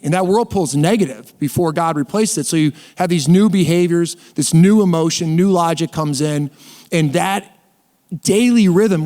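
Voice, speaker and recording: A man's voice: fairly high pitch, a little mellow. A man giving a casual faith testimony as a guest, rambling and restarting often, and speeding up in bursts. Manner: rambling storyteller with many restarts.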